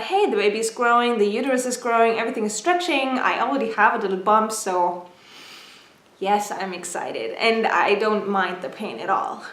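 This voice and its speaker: A woman in her twenties giving a casual vlog update, chatty and excited, a little out of breath, with a stuffy nose from a cold. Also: medium pitch, echoey room. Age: 20s. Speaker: vlogger.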